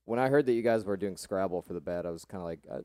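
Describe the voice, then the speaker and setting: A man's voice: sits low, rapid-fire, dark tone, smooth, no room sound, clean studio sound. A man guesting on a comedy podcast, bantering casually with crude, blunt jokes.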